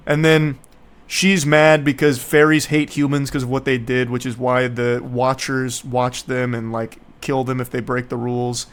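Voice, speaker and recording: A man from the United States, a streamer, ranting about a movie in a casual, sarcastic and profane way. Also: on the high side. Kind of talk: casual movie review rant.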